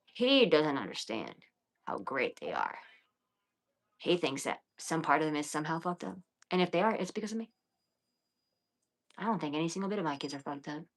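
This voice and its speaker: A woman in her thirties chatting casually on a late-night livestream, blunt and profane, often dropping into whispers and mutters. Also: deep voice. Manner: blunt, profane and defiant, talking to viewers. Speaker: livestream host.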